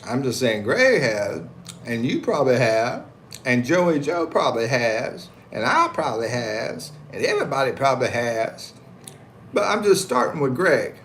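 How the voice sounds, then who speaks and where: A relaxed American man in a middle-pitched voice, chatting loosely to his livestream viewers and chuckling as he answers their comments. A faint hum of noise sits behind him. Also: moderate pace. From United States. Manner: laid-back, chuckling, reads comments aloud with animated voices. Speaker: livestream host reading chat. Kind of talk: casual livestream chat. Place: at home in the Philippines.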